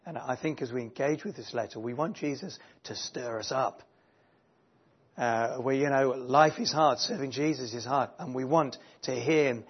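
Hoarse preacher, muffled recording. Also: male voice, mid-range voice. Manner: hesitant, many uh fillers. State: losing his voice, clearing throat. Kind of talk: sermon.

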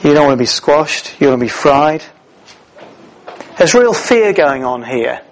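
A middle-aged man preaching a sermon, telling the story in a lively way with many "uh"s and restarts. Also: fairly high pitch, a little slow, a little hiss or hum, rough recording. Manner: animated storytelling with many fillers.

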